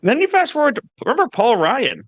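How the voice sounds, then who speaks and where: A man's voice: very high voice, huge pitch swings, brisk, no room sound. A man giving casual political commentary, wry and mocking, often restarting his words.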